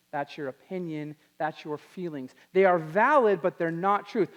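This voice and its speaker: A young man giving an animated talk to a youth audience, acting out quotes in put-on voices. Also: high voice. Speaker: youth speaker.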